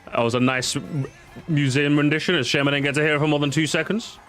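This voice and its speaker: A man's voice: on the high side, fairly even intonation, quick pace, fairly bright tone, soft background music. A man giving casual, jokey gameplay commentary, swearing and pleading with the game as he races. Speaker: gaming YouTuber.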